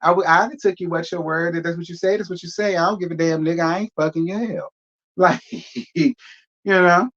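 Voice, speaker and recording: A man's voice: high-pitched, steady tone, brisk, a bit bright, muffled recording. A man hosting a casual reaction commentary, talking bluntly and rambling, with slang and swearing. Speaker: commentary host.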